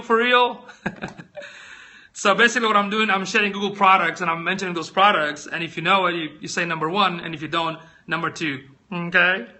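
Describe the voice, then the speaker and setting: A man hosting a casual live stream, chatting with viewers and asking them lots of questions as he walks through tech products. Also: sharp tone. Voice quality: squeaky voice. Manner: chatty, addresses viewers directly, asks many questions.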